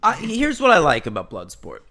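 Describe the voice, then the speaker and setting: A man's voice: on the high side, wildly swooping pitch, a little fast, vocal fry, sharp tone. A man co-hosting a film podcast in casual chat, acting out movie lines in mock voices as he retells scenes. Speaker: podcast co-host.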